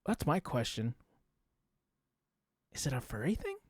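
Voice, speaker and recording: A man's voice: medium pitch, huge pitch swings, unhurried, dry recording, studio quality. A man streaming a casual reaction commentary, rambling and talking straight to his chat while demonstrating voice tricks.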